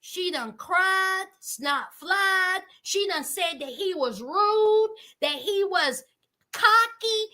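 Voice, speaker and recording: A woman hosting a casual reality TV recap, animated and exclaiming, talking straight to her viewers. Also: extremely high pitch, takes it slowly.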